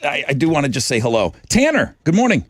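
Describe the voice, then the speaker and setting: A man's voice: on the high side, very animated, fast talker, dry recording, clean studio sound. A man hosting a morning radio show, upbeat and friendly, calling callers bro. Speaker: radio host.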